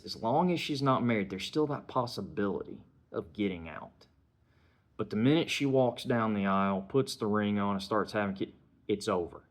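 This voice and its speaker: A man giving a casual spoken film review, retelling scenes and dialogue in a conversational way. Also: fairly low pitch.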